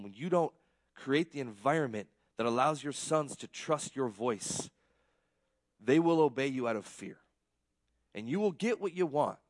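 A man's voice: medium pitch, no echo, studio quality. A man giving a conversational sermon, earnest and self-deprecating, often repeating words as he gets worked up. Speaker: pastor.

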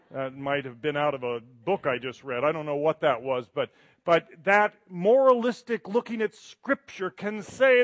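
A middle-aged man preaching, his voice a little high for a man. He talks in a loose, joking, conversational way, then presses hard on his key points. The sound is close and dry. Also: no room sound. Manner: conversational, self-deprecating, rising to emphatic passages. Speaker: guest preacher. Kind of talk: sermon. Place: church sanctuary.

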